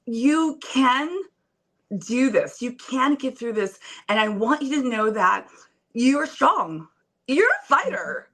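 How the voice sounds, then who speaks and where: Bright-voiced woman giving emphatic encouragement. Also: high-pitched, very animated, slow pace. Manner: earnest, emphatic, preacher-like encouragement. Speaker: podcast guest. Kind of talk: motivational interview talk. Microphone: phone on a video call.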